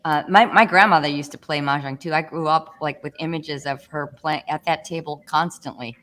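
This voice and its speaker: Bright, animated middle-aged woman storyteller. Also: deep voice, moderate pace. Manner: animated, laughing storyteller, many restarts. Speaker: guest actress. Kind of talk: casual interview storytelling.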